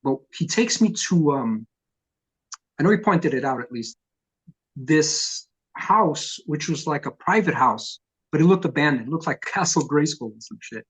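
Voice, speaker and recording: Husky middle-aged New man telling stories. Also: on the high side, moderate pace. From New York. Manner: profane, animated storyteller who acts out quotes. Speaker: punk vocalist interviewee. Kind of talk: casual storytelling in an oral history interview.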